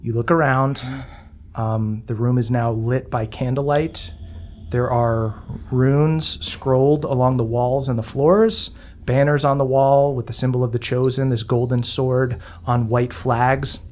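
A man's voice: mid-range voice, steady tone, unhurried, darkish tone, a little hiss or hum. A man narrating as game master of a tabletop game, laughing often and keeping things light. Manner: laughs often, upbeat and joking.

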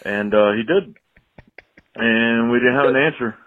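A man's voice: medium pitch, unhurried. A man leaving a rambling voicemail as a caller, swearing and self-pitying. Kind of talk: voicemail rant. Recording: tinny phone line.

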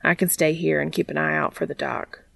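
A woman reads as a blunt, wry ghost hunter man in a storybook reading. The voice is heavily gravelly and fried and sits low, and the sound is close and dry. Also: steady tone, a little fast, a bit bright, no echo, heavily acted. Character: gruff adult male ghost hunter.

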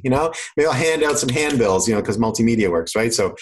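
Husky man with a faded Canadian accent. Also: medium pitch, quick pace, low-quality recording. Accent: Canadian, mostly faded. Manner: animated, acts out quoted voices in his explanations. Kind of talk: casual business chat.

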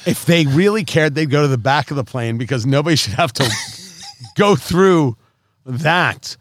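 Lively, bright-voiced joking man. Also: on the high side, no echo. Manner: animated, jokey, self-mocking. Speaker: podcast co-host. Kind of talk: casual banter.

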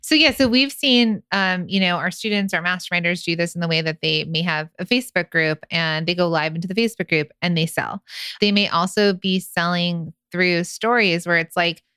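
Animated lowish woman co-host. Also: normal speed, smooth, no echo. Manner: animated, acts out example sales pitches. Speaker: podcast co-host. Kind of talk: casual business chat.

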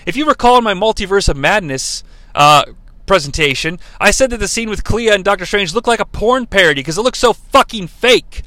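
A man's voice: high-pitched, animated, brisk, bright, forceful tone, no echo. Sardonic, foul-mouthed male podcast host. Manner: profane, sardonic, ranting. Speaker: podcast host, film reviewer. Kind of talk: casual podcast rant.

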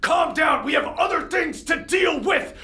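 A man voicing a stern male dwarf leader who shouts orders to calm a fight. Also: very high-pitched, measured pace, soft background music, a faint crowd, pitched above the performer's own voice, heavily acted. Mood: commanding. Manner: barking orders.

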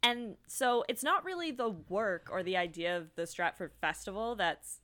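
Woman podcast cohost telling history stuff, laughs a lot, relaxed chat. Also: mid-range voice, normal speed. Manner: storytelling, laughs often. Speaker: podcast co-host.

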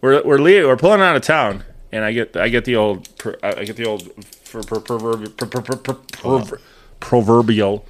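A man in his thirties, a podcast co-host, telling a story in casual chat, animated and swearing freely while acting out the other voices. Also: medium pitch, moderate pace, slight background noise.

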